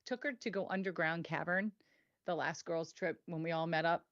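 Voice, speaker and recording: A woman's voice: fairly low pitch, moderate pace, dry recording, muffled recording. Chatty woman hosting a web show. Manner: animated storyteller, laughs often, does excited impressions. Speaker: co-host of a weekly web show. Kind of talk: casual chat.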